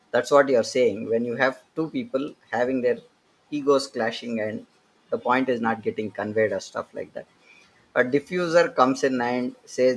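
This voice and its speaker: A man's voice: mid-range voice, fairly bright tone, poor audio. A man moderating a leadership panel, summarizing the guest's points and asking follow-up questions. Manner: summarizing, then posing questions. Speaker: panel host. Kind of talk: moderating a discussion.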